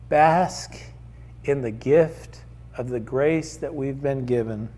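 A man's voice: medium pitch, slow pace, dark tone. A male preacher giving a sermon in an earnest, conversational storytelling manner.

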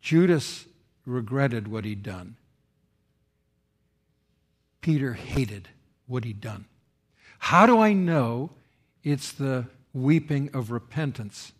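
A male pastor delivers a sermon in a voice of middle pitch. He shifts his volume a lot, rising loud for emphasis and falling soft and solemn. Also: husky. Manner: expressive preaching, rising loud for quoted speech and dropping soft for solemn lines.

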